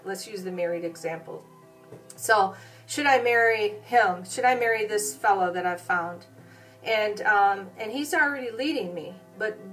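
A woman preaching a sermon, hesitating with fillers at times and then pressing her points with forceful repetition. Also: medium pitch, distant mic. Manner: emphatic, repeating phrases with rising force.

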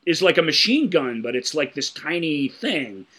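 Bright-voiced man recapping a show. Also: fairly high pitch, big pitch swings, normal speed. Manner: laughing, storytelling. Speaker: podcast co-host. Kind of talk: casual chat recapping a TV episode.

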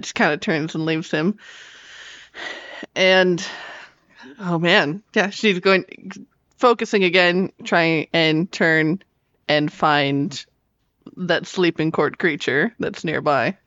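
A woman player slowly and thoughtfully describing her character in a tabletop game. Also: lowish voice, fairly bright tone, no echo, muffled recording.

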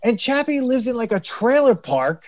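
A man co-hosting a podcast in casual chat, animated and acting out quotes from a movie. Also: very high-pitched, normal speed, muffled recording. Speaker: podcast co-host.

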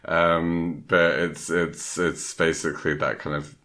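A man's voice: low-pitched, little pitch movement, slow pace, a bit bright. A man in casual chat, retelling a film plot in a rambling way, full of fillers and little acted-out quotes. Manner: acts out lines of the film.

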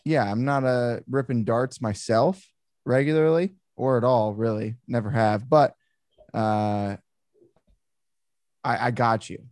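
A man co-hosting a casual podcast, telling a story with animated, exasperated swearing. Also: medium pitch, slow, long pauses, no echo, studio quality. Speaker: podcast co-host. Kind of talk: casual chat.

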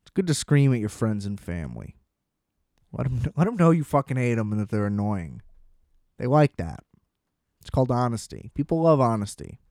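A young man rambles through a comedic storytime, sardonic and self-deprecating, with plenty of restarts and asides. His voice is smooth and even, and the small room at home sounds dry and close. His pitch sits right in the middle. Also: moderate pace, dry recording. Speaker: solo storyteller. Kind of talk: casual comedic storytime monologue.

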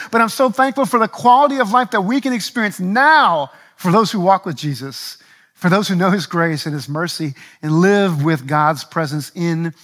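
A man with a notably high voice preaches a sermon to his congregation. He swings between quiet, tender passages and surging, emphatic appeals, repeating his key lines and urging the room on with "come on". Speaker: pastor. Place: church.

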